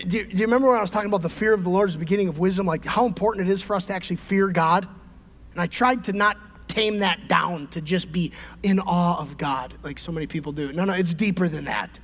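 A middle-aged male pastor preaching a sermon, emphatic, swinging from shouted peaks to quiet conversational asides. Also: high voice. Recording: long hall reverb.

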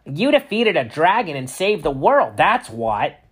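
A man voicing a brash young male sidekick who talks loudly in a high, incredulous voice. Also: sing-song, unhurried, breathy edge, exaggerated voice.

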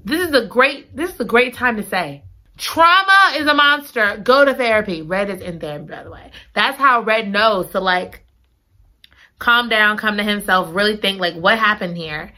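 A woman chatting casually about a romance novel, dramatic and gushing. Her bright voice swings widely from highs to lows. She reacts big to every twist. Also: lively intonation, moderate pace. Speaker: book reviewer. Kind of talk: casual chat.

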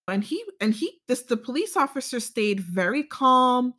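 A woman vlogger telling a story to camera in a casual, measured way, with frequent fillers and self-corrections. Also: on the high side, very animated, pushed and bright.

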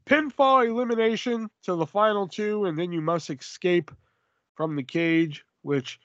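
A man co-hosting a podcast, chatting casually and profanely about wrestling, rambling and animated. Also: high-pitched, measured pace, no room sound, highs cut off. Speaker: podcast co-host. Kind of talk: casual wrestling review chat.

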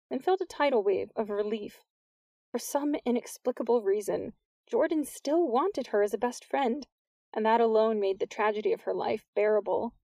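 A woman reading a novel aloud as an audiobook narrator, with smooth, even storytelling. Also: mid-range voice, no room sound. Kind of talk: scripted narration.

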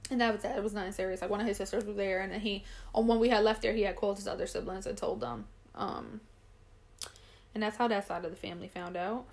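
A young woman chatting casually, telling a story with lots of laughter, cursing and high-pitched quoted voices. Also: fairly even intonation, fast talker. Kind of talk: casual chat.

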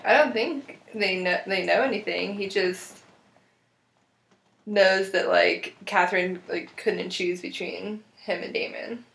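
A woman chatting casually about a TV episode, relaxed and quoting the characters. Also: medium pitch, slow, gravelly. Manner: relaxed, laughing, quotes the characters. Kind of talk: casual podcast chat recapping a TV episode. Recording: echoey room.

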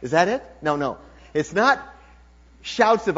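A man preaching a sermon, reading scripture quietly and then building to loud, shouted exclamations. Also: sits high, very animated, a little slow, breathy edge. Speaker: pastor. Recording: lo-fi recording with mains hum.

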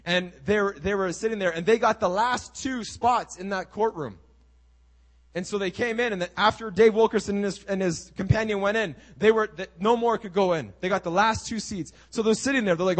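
A man with a strikingly high voice preaches a sermon as a story. He is animated and acts out each person's lines as he goes. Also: brisk. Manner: animated, acting out quoted dialogue.

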